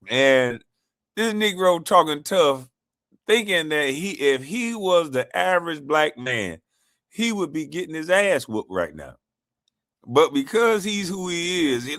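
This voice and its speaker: Animated man ranting on a live stream. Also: a little high, no room sound, studio quality. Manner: loose, animated, laughing and ranting. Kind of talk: casual live-stream commentary.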